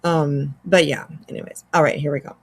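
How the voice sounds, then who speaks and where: A woman's voice: low-pitched, fairly even intonation, fairly quick, gravelly, breathy edge. A middle-aged woman hosting a casual commentary show, rambling and hedging with lots of fillers while fighting the hiccups. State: has the hiccups. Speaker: commentary host.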